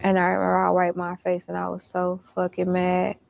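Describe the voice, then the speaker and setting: A woman's voice: lowish voice, monotone, brisk, vocal fry, darkish tone, a little hiss or hum. A woman recounting events in casual storytelling, blunt and profane.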